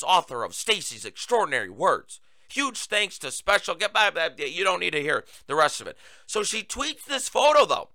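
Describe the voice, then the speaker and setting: Male talk-show host, raised pitch, very bright and lively, sarcastic monologue, dry close mic. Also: no echo. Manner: sarcastic, animated, addresses listeners as folks. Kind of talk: opinion monologue.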